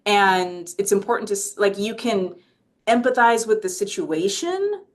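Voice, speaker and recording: A woman's voice: medium pitch, animated, unhurried. A woman co-hosting a podcast, talking casually and thoughtfully, often checking in with "right?". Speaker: podcast co-host.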